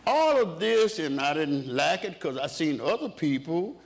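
A man's voice: on the high side, sing-song, measured pace, creaky. A man preaching a sermon in a rhythmic way, asking the congregation questions and answering them himself.

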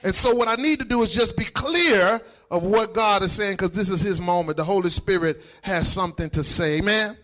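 Male pastor preaching hard, real high voice, sing-songy and fired up. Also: moderate pace, few pauses. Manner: fervent, sing-song preaching that builds to shouts. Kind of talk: sermon.

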